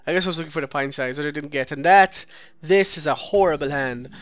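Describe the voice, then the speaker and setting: A man whose voice is a little high and a bit bright talks fast through a let's play of his card game run. He thinks aloud, corrects himself mid-sentence, and picks apart the opponent's choices.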